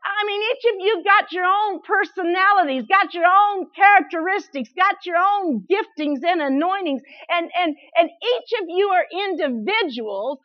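A woman preaching a sermon in an animated way, often repeating words in quick bursts and laughing as she speaks. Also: extremely high pitch, no room sound. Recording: dull, lo-fi, dry sound.

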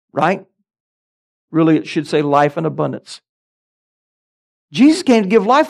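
A man's voice: on the high side, expressive, measured pace, gravelly, long pauses. A middle-aged man, a pastor, preaching a sermon with emphatic delivery and frequent amens.

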